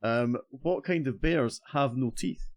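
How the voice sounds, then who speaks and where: A man's voice: medium pitch, a little slow, no room sound, clean studio sound. A man with a Scottish accent hosting a casual gaming stream, chatty and cheerful, often restarting his sentences. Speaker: streamer host.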